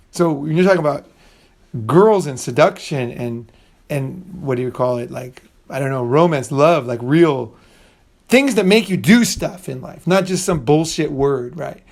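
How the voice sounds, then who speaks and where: A man's voice: on the high side, unhurried. Rambling profane man telling a story. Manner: rambling, profane, restarts often, acts out voices in quotes. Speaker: channel host. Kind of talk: casual storytelling monologue.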